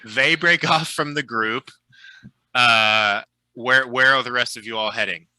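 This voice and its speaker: A man narrates a tabletop session as game master, his voice very bright and sharp. He talks in a relaxed, chatty way and fills his sentences with ums and uhs. The sound is dry and close. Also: mid-range voice, measured pace, no echo, low-quality recording. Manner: relaxed, chatty, with frequent fillers.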